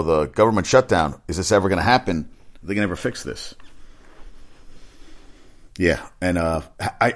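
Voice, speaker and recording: A man who works as a personal trainer, talking casually about sports in a rambling, excitable way with frequent swearing. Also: on the low side. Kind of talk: casual sports chat monologue.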